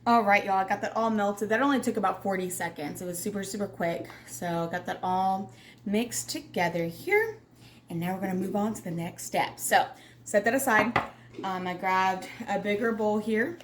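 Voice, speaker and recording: A woman's voice: mid-range voice, normal speed. Chatty woman in an echoey kitchen. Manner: chatty, self-deprecating, addresses viewers as y'all. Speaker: cooking video host. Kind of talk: casual cooking demonstration. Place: home kitchen. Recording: echoey kitchen with loud background noise.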